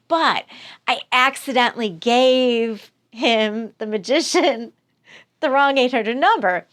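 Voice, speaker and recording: A woman vlogger casually telling prank stories to the camera, animated and often laughing as she talks. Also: fairly high pitch. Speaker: vlogger giving prank tips.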